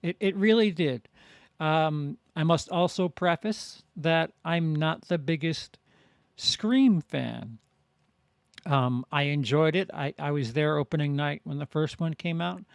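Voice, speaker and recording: Slow, halting, gravelly-voiced man. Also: fairly high pitch, no echo. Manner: halting, many restarts and fillers. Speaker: film reviewer and vlogger. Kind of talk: casual spoken review.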